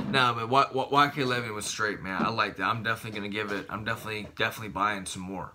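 A man's voice: lowish voice, steady tone, racing, few pauses, pushed and bright, slight background noise. A young man vlogging about fitness in a casual, profane, rambling way, saying "dude" constantly. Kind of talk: casual vlog talk.

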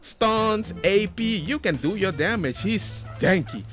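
High, animated excitable male gamer. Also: measured pace, soft background music. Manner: excitable, jokey and enthusiastic. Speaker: video creator. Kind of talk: gameplay commentary.

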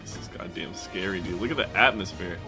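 A man chatting and shouting while playing an online shooter, excitable and swearing a lot. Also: low-pitched, fairly quick, vocal fry, over music. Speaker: gamer. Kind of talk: casual gaming chat.

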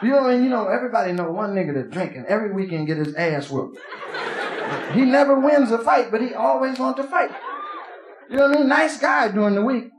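A man's voice: extremely high pitch, lively intonation, fairly quick, noisy background. A man doing live stand-up in a club, telling profane, streetwise stories. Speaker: stand-up comedian. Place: nightclub stage. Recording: echoey club with crowd laughter.

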